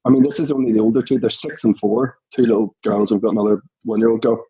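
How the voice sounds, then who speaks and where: Guest: relaxed Northern Irish man in his thirties, raspy tone, tells stories with a laugh, muffled low-fi sound. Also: quick pace. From Northern Ireland. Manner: chuckling anecdotal storyteller. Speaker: podcast guest. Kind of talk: casual chat.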